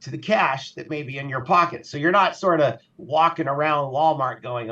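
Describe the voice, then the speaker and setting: A man's voice: mid-range voice, normal speed, few pauses, sharp tone, far from the mic, dull audio. A man speaking as a guest on a podcast, talking casually and animatedly, acting out shoppers in little voices. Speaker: podcast guest, payments specialist.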